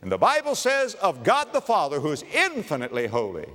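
A man preaching a sermon, swinging from loud declarations to hushed low phrases, with slow emphatic repetition. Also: huge pitch swings, big-room sound.

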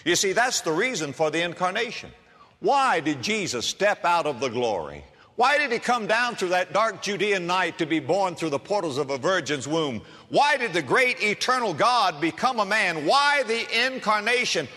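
A man's voice: high voice, sing-song, moderate pace, sharp tone. A man preaching a sermon in a folksy storytelling manner, with humor, addressing listeners as friends. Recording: reverberant hall.

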